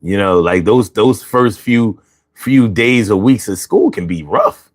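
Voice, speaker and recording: A man hosting a casual chat, relaxed and hesitant, reading listener comments. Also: on the low side, a little slow, no echo, studio quality. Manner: relaxed, hesitant, many fillers. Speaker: podcast host.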